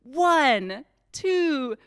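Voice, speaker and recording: A woman minister reading a silly story to children during a church service, playful and expressive. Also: high voice, very slow. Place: church sanctuary. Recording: long reverb of a large hall.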